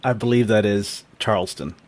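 A man's voice: on the low side, fairly even intonation, moderate pace, darkish tone. A man with a Texan accent, laid-back and chuckling as a quiz contestant.

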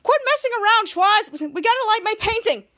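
A woman's voice: very high voice, lively intonation, brisk, pushed and bright, pitched above the performer's own voice, exaggerated voice. A woman reading out the lines of a boastful grown man who mentors a superhero in a sitcom, in her own voice.

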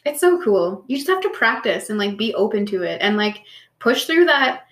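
A woman's voice: mid-range voice, big pitch swings, moderate pace. A woman co-hosting a casual chat, a chatty storyteller who swears freely. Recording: echoey room.

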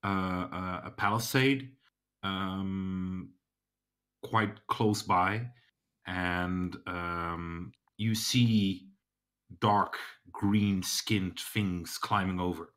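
A man narrating as game master of a tabletop game, slow and hesitant with many fillers. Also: deep voice, fairly even intonation, a bit bright.

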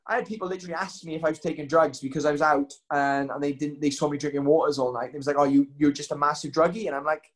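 A man's voice: a little high, fairly even intonation, very fast, few pauses. A young man telling stories in casual chat, rambling with lots of ums and likes.

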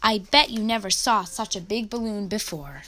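A woman reading aloud and voicing a kind, gentle young girl in a children's storybook, speaking softly and kindly. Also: mid-range voice, lively intonation, normal speed, a little hiss or hum. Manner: soft and kind.

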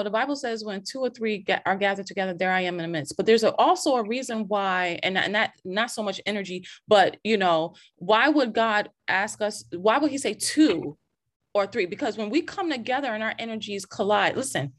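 A woman hosting a casual faith talk, animated and preachy, with many restarts and scripture quotes, heard over a video call. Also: medium pitch, brisk. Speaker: podcast host.

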